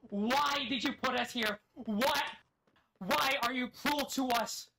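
A woman's voice: sits high, slow pace, gravelly, pushed and bright. A woman giving a rousing, defiant in-character speech over voice chat, swearing freely as she rallies the others. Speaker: roleplay server player giving a speech. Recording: noisy voice chat feed.

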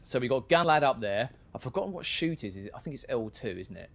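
A man's voice: medium pitch, animated, fast, creaky, fairly bright tone. A man giving casual, chatty commentary while playing a video game, with self-mocking asides. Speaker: gaming video creator.

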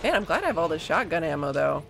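A young woman narrates her own horror gameplay in a rambling, easily rattled way. She keeps swearing and pleading with what is on screen. Soft music plays low behind her voice. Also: big pitch swings, fast talker, vocal fry. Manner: panicky, rambling, swearing, talks to the game. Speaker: gaming streamer. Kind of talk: let's play commentary.

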